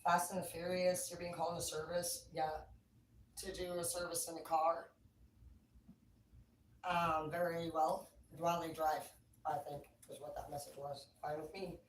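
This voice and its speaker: A woman's voice: deep voice, level tone, normal speed. A woman livestreaming casual chat, rambling and cursing freely with lots of filler words. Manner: rambling, profane, filler-heavy talk. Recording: echoey room, far from mic, faint noise.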